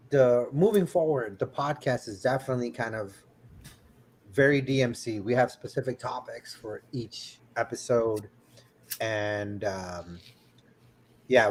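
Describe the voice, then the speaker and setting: A man's voice: mid-range voice, a little mellow, a little hiss or hum. A man hosting a stream, chatting casually and joking with his co-hosts. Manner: joking, laughing, trailing off. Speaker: stream host. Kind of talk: casual chat.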